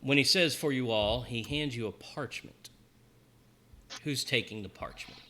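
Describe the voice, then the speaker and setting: A man's voice: medium pitch, unhurried, pushed and bright. A man narrating as game master in a tabletop game, casual and rambling with many ums.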